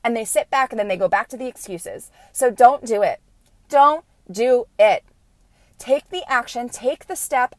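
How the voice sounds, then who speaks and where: A woman in her thirties hosts a motivational podcast, coaching her listeners in an earnest, emphatic and encouraging way. Her voice sits a little high, recorded close and dry with no room sound. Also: dry recording.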